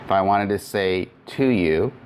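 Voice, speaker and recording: A man's voice: deep voice, unhurried, darkish tone, slight background noise. A man teaching Greek grammar in a recorded lecture, explaining step by step with frequent fillers and restarts.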